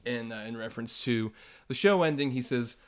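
A man's voice: medium pitch, a little fast, a crowd in the background. A man co-hosting a podcast, reading listener messages aloud and chatting in an earnest, grateful way with easy laughter. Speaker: podcast co-host.

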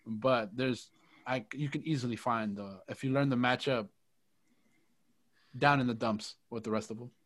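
A man's voice: mid-range voice, normal speed, long pauses, a bit bright. A young man co-hosting a podcast in casual chat, loose and joking, always saying "bro" and "you know what I mean". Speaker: podcast co-host.

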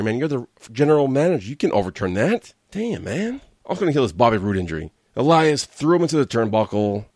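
A man's voice: on the low side, darkish tone, no echo, studio quality. Blunt, sarcastic man ranting. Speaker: wrestling commentary host. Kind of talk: casual opinion rant.

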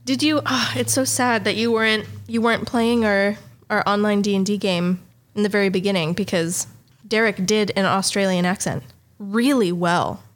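A woman's voice: mid-range voice, fairly even intonation, moderate pace. A young woman co-hosting a podcast in casual chat, giggly and full of questions. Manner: chatty, giggly, asks questions. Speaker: podcast co-host.

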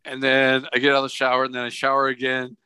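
A man's voice: mid-range voice, completely flat delivery, quick pace, pushed and bright, smooth, dry recording. A man co-hosting a podcast, telling a crude, profane comic story in casual chat. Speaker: podcast co-host.

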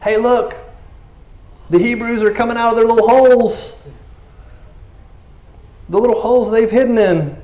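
A man's voice: extremely high pitch, steady tone, moderate pace, long pauses, pitched above the performer's own voice. A man voicing mocking redneck enemy soldiers who jeer and taunt from a hilltop. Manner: jeering, taunting, loud. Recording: echoey room.

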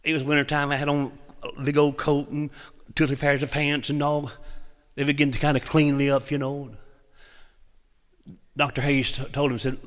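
A man's voice: a little high, normal speed, fairly bright tone, big-room sound. A man from Oklahoma, preaching and telling a testimony in a folksy, humorous, dramatic way. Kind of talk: sermon testimony storytelling.

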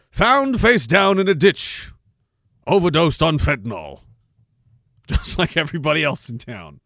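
A man's voice: on the high side, big pitch swings, unhurried, long pauses, fairly bright tone, dry recording, clean studio sound. A man hosting a podcast in a sardonic, profane, ranting style, often laughing at his own jokes. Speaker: podcast host. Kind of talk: casual ranting commentary.

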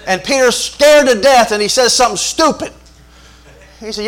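A pastor preaches with a bright, fairly high male voice. He hammers each point through repetition and call-and-response, and breaks it up with jokes. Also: moderate pace. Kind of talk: sermon.

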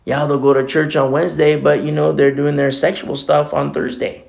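Male co-pastor, conversational sermon, gravelly and fairly high voice. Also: flat delivery, moderate pace, darkish tone. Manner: conversational preaching with many asides.

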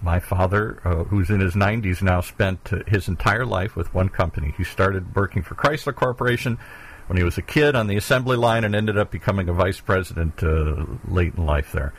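Deep husky middle-aged male host. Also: brisk, low-quality recording. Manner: folksy, jokes about not understanding jargon, habitual "here" at line ends. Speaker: radio show host. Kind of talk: conversational interview.

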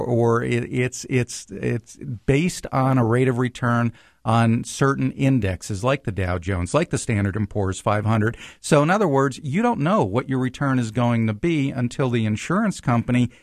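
A man who works as a financial planner explains finances on a talk radio show, animated, repeating words as he starts sentences. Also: mid-range voice, normal speed, no echo, studio quality.

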